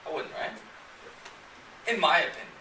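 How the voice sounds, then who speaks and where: A man's voice: normal speed, sharp tone, a little hiss or hum. A man presenting a sales seminar who gets fired up and keeps quizzing his live audience. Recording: echoey room, mic at a distance.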